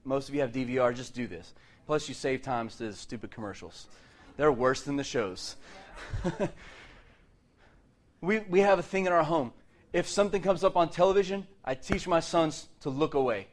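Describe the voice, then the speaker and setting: Middle-aged guy preaching, kinda high voice, cracks jokes between points. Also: normal speed. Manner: lively, joking asides and laughs between points. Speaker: pastor. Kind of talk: sermon.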